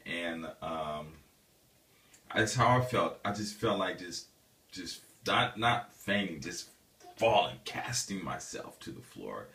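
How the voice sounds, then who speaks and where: Very deep-voiced man telling a rambling story. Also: takes it slowly, creaky, distant mic. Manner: animated storyteller, many fillers and restarts. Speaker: vlogger telling a personal story. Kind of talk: casual rambling monologue.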